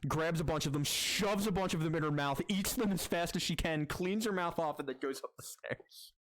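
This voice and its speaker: A man running a tabletop game as game master, narrating in a lively, fast storytelling manner. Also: on the high side.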